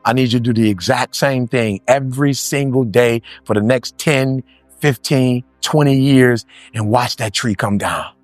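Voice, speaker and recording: A man giving an animated motivational speech, repeating lines for emphasis and acting out other voices. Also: mid-range voice, a little slow, no room sound, faint music behind. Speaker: motivational speaker.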